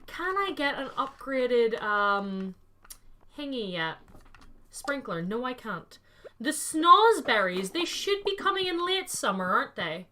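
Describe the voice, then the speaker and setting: A woman's voice: on the high side, big pitch swings, slow, pushed and bright. A young woman chatting casually to her live-stream viewers while playing a game, thinking aloud and answering chat by name.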